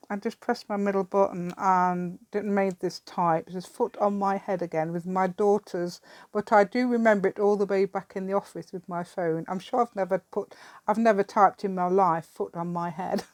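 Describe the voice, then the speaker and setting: A middle-aged English craft vlogger rambles cheerfully while working on a project, laughing often. Her fairly low voice is a little mellow, recorded with no room sound.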